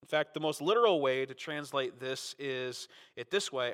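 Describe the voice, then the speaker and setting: A man preaching a sermon as pastor, talking conversationally, often adding "right?", and dramatizing quotes with sudden swings in loudness. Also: mid-range voice, animated, moderate pace, clear, resonant tone. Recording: long reverb of a large hall.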